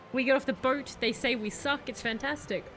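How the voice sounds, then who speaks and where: A woman's voice: high voice, fairly bright tone. A woman streamer chatting sarcastically through her first playthrough of a game, joking at the story. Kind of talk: first-playthrough gameplay commentary.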